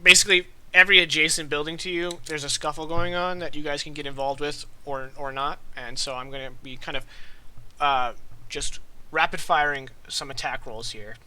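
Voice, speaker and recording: Game master, male, very bright forceful voice, animated narration, higher pitch. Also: low-quality recording. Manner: animated, rushes into shouted NPC lines. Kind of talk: running a tabletop game online.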